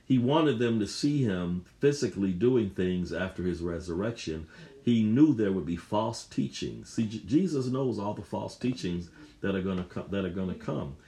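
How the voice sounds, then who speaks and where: A man's voice: on the low side, expressive, normal speed, warm tone. A man preaching a sermon, emphatic and repetitive, often restarting his phrases.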